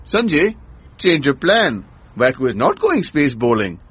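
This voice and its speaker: An excitable, blustering shopkeeper. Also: male voice, a little high, measured pace, slightly rough, exaggerated voice. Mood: impressed. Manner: excitable and theatrical. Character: excitable middle-aged male shopkeeper, blustering boss. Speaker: shop owner and father. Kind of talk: radio sitcom acting. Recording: dull lo-fi radio recording.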